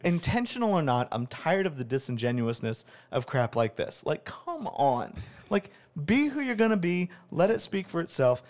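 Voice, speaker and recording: An exasperated man rants through a casual podcast chat, his slightly high voice swinging widely up and down in pitch. He sounds animated and opinionated throughout. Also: moderate pace. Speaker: podcast co-host.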